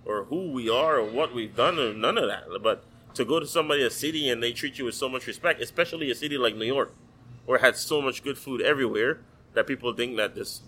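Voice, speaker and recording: A man's voice: medium pitch, fast, sharp tone, slight background noise, poor audio. A man from the Virgin Islands, a chef, chatting casually in a loose, profane way full of fillers. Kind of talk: casual chat.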